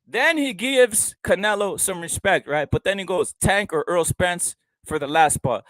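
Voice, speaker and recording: A man's voice: high voice, expressive, unhurried, hardly any pauses, a bit bright, no room sound, low-quality recording. A man ranting profanely as he reads boxing news aloud, breaking off to mock what he reads. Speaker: boxing commentary host. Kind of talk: ranting solo commentary.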